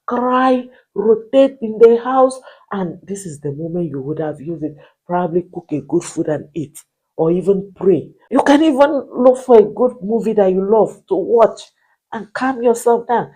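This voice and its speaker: Woman coach, mellow voice, emphatic, hammering questions. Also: medium pitch, expressive, moderate pace, slightly rough, rough recording. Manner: emphatic, repetitive rhetorical questions. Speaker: marriage coach. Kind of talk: motivational preaching.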